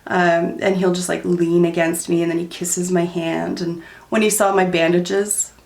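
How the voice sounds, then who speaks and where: A woman in her thirties talks through her makeup routine in a loose, candid vlog chat, with lots of "um" and "like". Her voice sits a little low and has a gravelly edge. The room around her sounds echoey. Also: level tone, normal speed, a little mellow. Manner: chatty, candid, frequent "um" and "like". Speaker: beauty vlogger. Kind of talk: casual chat while doing makeup.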